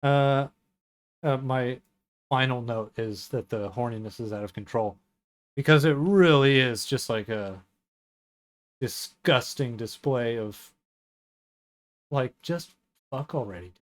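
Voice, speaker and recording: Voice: mid-range voice, slow, long pauses. A co-host of a book club podcast, chatting casually about a novel with dry, sarcastic remarks.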